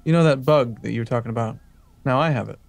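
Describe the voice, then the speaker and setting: Man, mid pitch, dry teasing gamer banter. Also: fast, creaky, dry recording. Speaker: game co-player. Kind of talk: casual chat while gaming.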